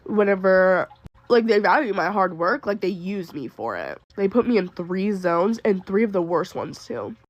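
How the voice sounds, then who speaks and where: A woman's voice: medium pitch, expressive, normal speed. A young adult woman who works retail tells a storytime in exasperated, ranting bursts, sick and upset. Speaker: retail worker. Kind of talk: storytime venting video.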